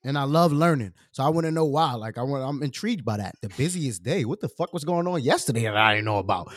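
A man hosting a casual livestream, talking in animated slang while eating. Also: medium pitch, fast, few pauses, dry recording, studio quality. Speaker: livestream host.

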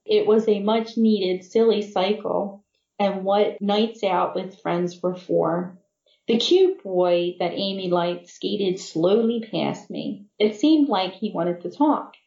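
A woman author reading her own novel aloud in measured first-person storytelling. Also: mid-range voice, creaky, mellow, reverberant, highs cut off.

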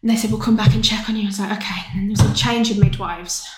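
A woman's voice: mid-range voice, fairly even intonation, very fast, soft background music. Chatty woman in a roomy space. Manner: candid, chatty, often breaks into laughter. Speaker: podcast guest. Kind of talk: casual chat, telling a personal story.

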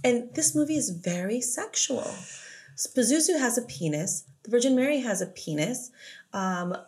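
A woman's voice: fairly high pitch, animated, moderate pace, a little mellow. A woman co-hosting a podcast in casual chat, blunt and profane, laughing often. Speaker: podcast co-host.

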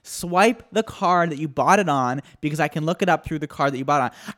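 A man's voice: on the high side, animated, fast talker, a bit bright. A man co-hosting a podcast, telling rambling stories in casual chat, swearing and laughing often. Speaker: podcast co-host.

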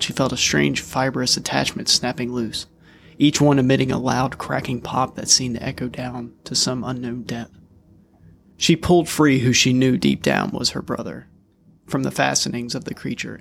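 Gravelly man reading a story. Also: medium pitch, fairly bright tone. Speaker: narrator.

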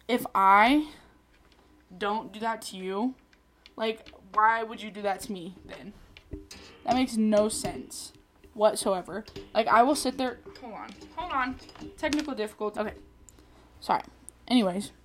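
Young female solo host, casual chatty storyteller, quick laughs, animated rants. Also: medium pitch. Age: young adult. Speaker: podcast host.

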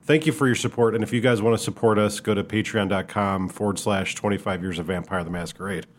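A man co-hosting a podcast with a Midwestern American accent, talking in a relaxed, rambling, self-deprecating way. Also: lowish voice, quick pace. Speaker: podcast co-host. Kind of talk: casual chat.

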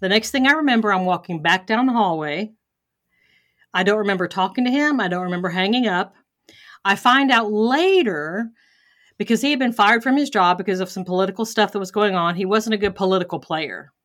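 A woman with a bright, clear voice hosts a podcast and tells a story from her own life. She is candid and pokes fun at herself, acting out her own reactions as she goes. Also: medium pitch, fairly quick. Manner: candid, self-deprecating, acts out her own thoughts. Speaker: podcast host. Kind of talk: personal story in a podcast interview.

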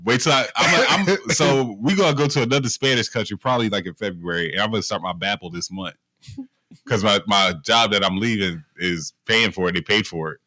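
A young man with a bright, forceful voice, fairly low-pitched, chatting casually with friends. He tells animated, slang-heavy stories full of swearing. The sound is dry and close. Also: a little fast, no echo. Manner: animated storytelling, profane slang. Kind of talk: casual chat.

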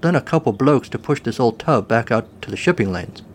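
A man voicing a gruff sea captain who grumbles his lines. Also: medium pitch, lively intonation, a little fast, a little hiss or hum, lightly acted. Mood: grumbling.

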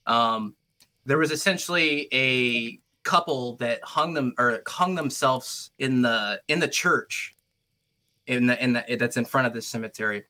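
A man's voice: mid-range voice, unhurried, pushed and bright. A man, a paranormal investigator, telling stories in casual chat, swearing freely and saying "dude" a lot. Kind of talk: casual storytelling.

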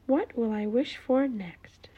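A woman voicing a kind, hopeful little girl animal in a storybook, soft and breathy. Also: a little high, slow, narrow, tinny audio. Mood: eager.

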